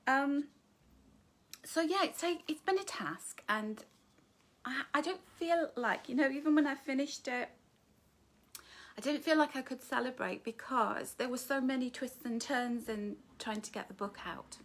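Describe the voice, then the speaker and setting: A high-pitched middle-aged woman with a Northern English accent, talking casually from her living room into a phone or webcam. She greets viewers warmly by name and keeps things light with giggly, self-deprecating asides. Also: unhurried. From England. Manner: chatty, affectionate, greets viewers by name with "darling" and "love". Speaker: author hosting a live book launch. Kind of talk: casual livestream chat to viewers. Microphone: phone or webcam facing her.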